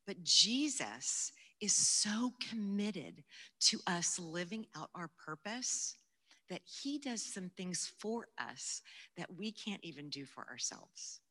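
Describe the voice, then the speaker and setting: A woman giving a personal testimony and Bible teaching, talking earnestly and conversationally and sometimes dropping to a hush. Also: on the low side, big pitch swings, slow. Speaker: Christian speaker teaching the Bible. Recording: long hall reverb.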